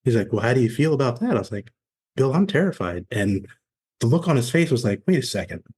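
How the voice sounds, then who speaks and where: Talking fast in a husky, medium-pitched voice, a man in his forties who served as a Navy SEAL recounts his life on a podcast. He's candid and animated, performing the quoted dialogue of people he encountered in this conversational interview.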